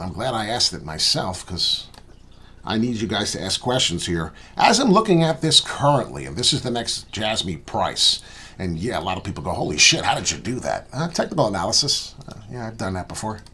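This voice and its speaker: A man with a slightly husky voice talks through trading charts in loose, rambling commentary. His pitch swings widely as he boasts about his calls. He sounds like a self-assured channel host. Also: fairly bright tone.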